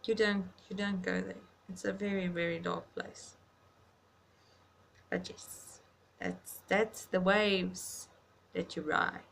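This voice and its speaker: Grieving woman with a gravelly voice. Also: mid-range voice, fairly even intonation, fairly bright tone, slight background noise. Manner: halting, reflective, searching for words. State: grieving, close to tears. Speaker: vlogger. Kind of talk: personal video diary.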